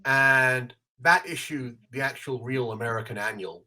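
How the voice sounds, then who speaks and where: A man from England, co-hosting a podcast and telling a nostalgic story in a casual, animated way. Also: mid-range voice, moderate pace. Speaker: podcast co-host.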